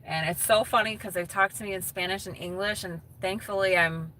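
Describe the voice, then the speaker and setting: A woman's voice: mid-range voice, fairly even intonation, fairly quick, bright, forceful tone, a little hiss or hum. A woman chatting casually with viewers on a live stream, reading their comments aloud and laughing often.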